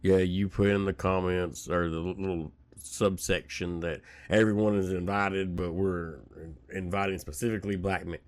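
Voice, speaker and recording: A deep-voiced man in his forties rants on his own podcast, blunt and profane. His tone is heated and plainspoken. The recording is dry and close, with no room echo. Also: little pitch movement, moderate pace, hardly any pauses. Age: 40s. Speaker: podcast host. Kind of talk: casual rant.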